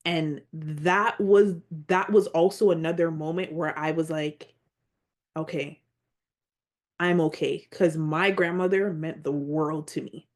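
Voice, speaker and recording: A woman with a deep voice and fairly even intonation appears as a podcast guest, telling a personal story. She speaks slowly and reflectively in a heartfelt, earnest way, sometimes near tears.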